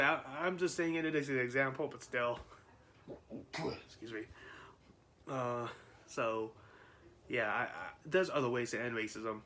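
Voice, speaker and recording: A man talks straight to his viewers in a loose, rambling way, breaking into laughs and restarting his sentences. His voice sits at an ordinary middle pitch, with a faint hiss of noise under the recording. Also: bright, forceful tone. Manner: rambling, laughs often, many restarts and fillers. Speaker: vlogger. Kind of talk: casual chat to camera.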